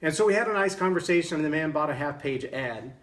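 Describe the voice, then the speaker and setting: A man's voice: fairly high pitch, expressive, fast talker, fairly bright tone, distant mic. A middle-aged man from Texas, hosting a motivational talk and telling a story in an earnest way, often restarting his words. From Texas, USA. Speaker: show host giving leadership lessons.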